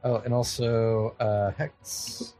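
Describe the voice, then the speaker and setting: A man's voice: mid-range voice, flat delivery, slow pace, dark tone, soft background music. A man playing a tabletop game who casually describes his character's actions in third person. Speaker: player.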